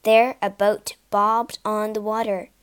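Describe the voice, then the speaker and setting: A woman reading a fairy tale aloud as narrator, in a careful, expressive manner. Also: mid-range voice, slow, clear, resonant tone. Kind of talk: storybook read-aloud.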